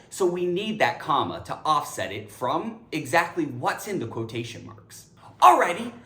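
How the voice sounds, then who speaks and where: Upbeat woman teaching grammar, lively pitch. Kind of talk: educational explainer. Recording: echoey room.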